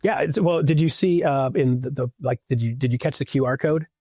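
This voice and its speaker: A man's voice: medium pitch, brisk, a little mellow, husky, no echo, clean studio sound. A man talking as a podcast guest in loose, rambling chat, full of restarts and "like".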